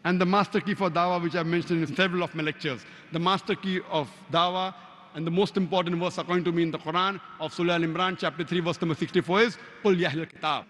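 A man giving an emphatic religious lecture, citing scripture verses by number and reciting Arabic verses quickly. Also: high-pitched, steady tone, fairly bright tone, big-room sound. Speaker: Islamic preacher.

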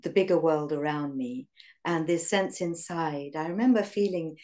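In an interview, a woman from England in her sixties looks back on her past in a low-pitched English-accented voice. She is reflective and halting, using fillers and laughing softly.

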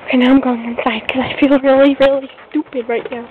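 High-voiced silly young woman on lo-fi camera. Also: little pitch movement, fast talker, background noise. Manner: silly, self-mocking, chatty. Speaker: vlogger giving a home tour. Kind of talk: playful home video narration. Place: house, indoors and out by a fence. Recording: tinny lo-fi home camera audio.

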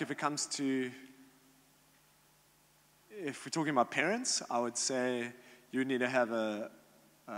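A man's voice: mid-range voice, a bit bright. A young adult man in a youth group, answering questions in a casual, informal way with lots of fillers and restarts. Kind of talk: casual Q&A talk. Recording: long hall reverb.

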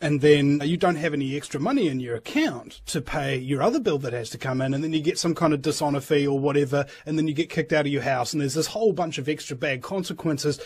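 A man's voice: a little high, fast, hardly any pauses, darkish tone, a little hiss or hum. A male host in casual interview chat, joking and explaining things in plain terms.

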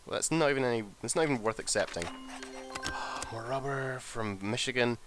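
A man giving casual, sweary gameplay commentary as a let's play host, excitable and muttering to himself as he plays. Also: medium pitch, fast talker, over music.

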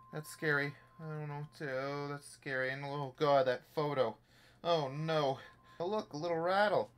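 A young man streams a virtual reality horror game, commenting live with jittery humor and swearing as he talks to himself. His voice is medium-pitched and a bit bright, with faint game music behind.

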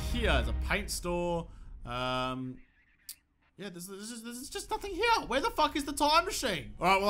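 A young man giving excitable gameplay commentary, swearing often and breaking into shouts when thrilled. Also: sits high. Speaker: gaming video host.

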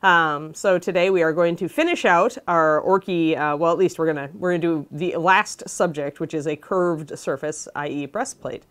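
A woman's voice: lowish voice, normal speed, hardly any pauses, fairly bright tone, smooth. A woman casually hosting a livestream, chatting and greeting viewers by name. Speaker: host of a miniature painting livestream.

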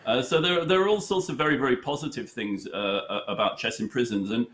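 A man being interviewed about his chess charity, telling anecdotes in a halting way with many fillers and a dry humour. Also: medium pitch, a bit bright. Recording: roomy echo.

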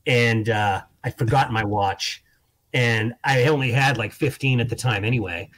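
A man, a guest comedian, telling animated stories in casual chat and acting out the quotes. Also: medium pitch, normal speed. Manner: animated anecdotes with acted-out quotes.

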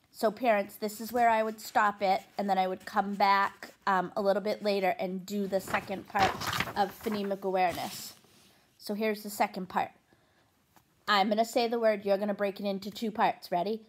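Teaching a pre-K phonics lesson, a woman sounds out letters and words clearly and slowly for young children. Her voice is mid-range and level in tone, and she offers encouraging praise between them.

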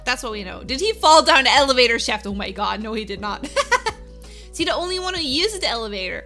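A woman's voice: a little high, sing-song, fairly quick, bright, forceful tone, soft background music. A woman streamer chatting casually with her live viewers, upbeat, laughing often and answering them by name.

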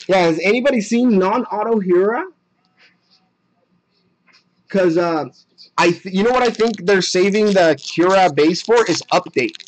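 A young man chatting casually while opening trading card packs on a live break, excited at the hits and muttering asides. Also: a little high, rough recording.

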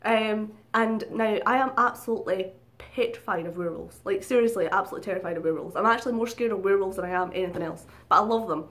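A woman's voice: medium pitch, fast, few pauses, a bit bright. A woman talks straight to her viewers in a casual storytelling vlog. She is chatty and unguarded, swears freely and laughs at herself along the way. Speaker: vlogger.

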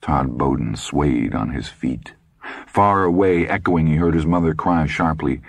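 A man reading an audiobook aloud with dramatic, expressive storytelling. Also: rumbling low, unhurried, creaky, dry recording, clean studio sound. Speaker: audiobook narrator. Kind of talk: scripted audiobook narration.

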